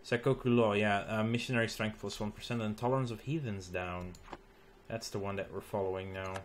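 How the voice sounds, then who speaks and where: Tired male let's play host, lowish voice, thinks out loud with ums over a soft hiss. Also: steady tone. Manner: musing aloud, halting with ums and restarts. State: tired, recording late at night. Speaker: gaming channel host.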